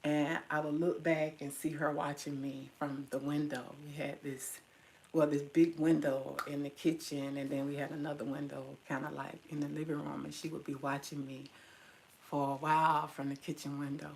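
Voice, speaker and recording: A middle-aged woman tells personal memories straight to her viewers, calling them y'all. Her voice sits low with a gravelly fry, tender and at times teary-eyed. A faint hum of room noise runs underneath. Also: little pitch movement, normal speed, poor audio. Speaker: vlogger.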